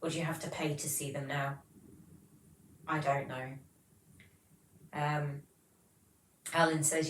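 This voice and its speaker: A woman's voice: deep voice, little pitch movement, slow pace, long pauses, echoey room, recorded from a distance, a little hiss or hum, rough recording. A woman, hosting a casual livestream and chatting as she reads viewer comments aloud. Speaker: livestream host.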